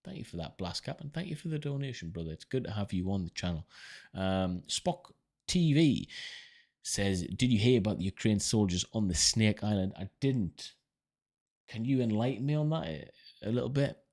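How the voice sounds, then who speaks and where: A deep-voiced man hosts a live stream, reading out viewer comments and answering them. He speaks in a relaxed, chatty way, with plenty of ums and uhs, and calls his viewers brother. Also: moderate pace. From United Kingdom. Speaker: livestream host reading viewer questions.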